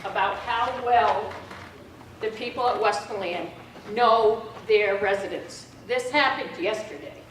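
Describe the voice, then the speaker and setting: A woman's voice: medium pitch, measured pace, a bit bright, a little hiss or hum. Woman telling an emotional story at a meeting. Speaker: public commenter. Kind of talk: public meeting testimony. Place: public meeting room. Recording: echoey hall, mic far off.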